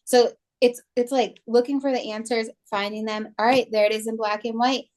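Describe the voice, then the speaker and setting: A woman's voice: on the high side, fairly even intonation, normal speed, a little mellow. Woman, podcast co-host, casual, filler-heavy chat. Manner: chatty, many "like" and "you know" fillers.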